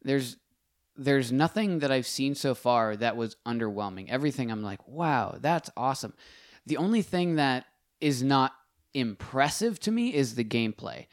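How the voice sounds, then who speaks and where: A man's voice: mid-range voice, animated, moderate pace, no echo, studio quality. A man co-hosting a casual podcast who is losing his voice, talking with hesitant restarts. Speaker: podcast co-host. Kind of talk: casual chat.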